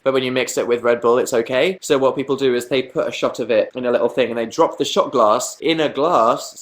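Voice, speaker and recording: A young man from England answering viewers' questions in a casual live stream, rambling, mocking himself and swearing freely. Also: mid-range voice. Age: young adult. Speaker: YouTuber answering live chat.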